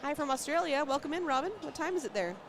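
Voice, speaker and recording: A woman's voice: high voice, lively intonation, fast. An American woman doing casual, teasing play-by-play commentary at a cornhole tournament, laughing often. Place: tournament venue. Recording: noisy event venue.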